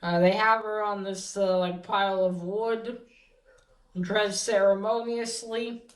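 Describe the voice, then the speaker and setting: A woman retelling a comic story in casual speech, pausing often with fillers and restarts. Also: medium pitch, steady tone. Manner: hesitant, many fillers and restarts. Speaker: podcast host recapping a comic. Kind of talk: casual spoken recap. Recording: echoey room.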